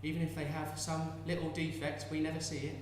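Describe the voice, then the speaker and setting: A man's voice: on the high side, level tone, brisk, a little hiss or hum, natural voice. A man performing a distraught young peasant mother clinging to her baby, in a tender, cooing and fervent stage monologue. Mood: confiding. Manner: tender, cooing and fervent, bursting into shouted curses. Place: large theatre hall. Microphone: distant stage mic. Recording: echoey hall from far off.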